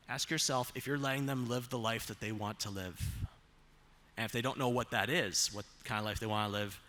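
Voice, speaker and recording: A man giving a motivational presentation with slides as a self-advocate, measured, asking the audience rhetorical questions and slowing down on key phrases. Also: fairly low pitch, pushed and bright.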